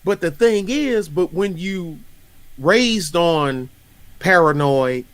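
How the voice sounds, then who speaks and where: A man in his fifties from North Carolina hosts a loose, casual chat, telling long rambling stories. His voice sits a bit high. The sound is dry and close. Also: takes it slowly, no room sound. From North Carolina, USA. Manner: rambling, animated storyteller who laughs often. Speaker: podcast host.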